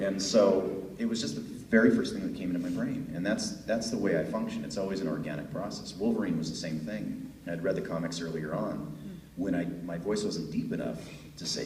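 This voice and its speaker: Very deep male voice, middle-aged, chatty panel storyteller, roomy hall heard from far off with long reverb. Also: a little fast, darkish tone. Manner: chatty, laughs easily, acts out voices. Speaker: voice actor, convention panel guest. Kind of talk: relaxed storytelling answer to a fan. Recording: echoey hall from far off, faint noise.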